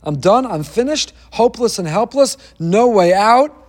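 A man's voice: high-pitched, lively intonation, normal speed, in a large hall. A man voicing a desperate young Hebrew prisoner who pleads to be remembered and freed. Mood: despairing. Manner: pleading, anguished.

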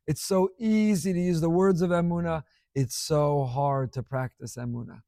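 A middle-aged man preaching a sermon as a rabbi, passionate, with big swings between quiet and loud. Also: on the high side, lively intonation, brisk, hardly any pauses, no echo, studio quality. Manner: impassioned, dramatic swings in volume.

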